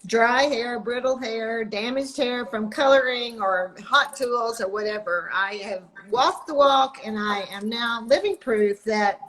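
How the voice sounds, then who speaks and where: An older woman with a drawl hosts a casual live chat over a video call. Her voice sits a little high, and she keeps the talk moving in a cheerful, chatty way. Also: a little slow, hardly any pauses, fairly bright tone, rough recording. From Texas. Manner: upbeat, chatty, welcoming. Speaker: host.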